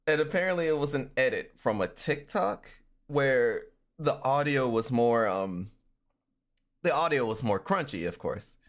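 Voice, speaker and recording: A man chats loosely to his stream, his pitch bouncing up and down as he goes. He swears freely and keeps breaking into laughter. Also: measured pace. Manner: animated and swearing, laughs often. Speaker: livestreamer. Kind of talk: casual stream chat.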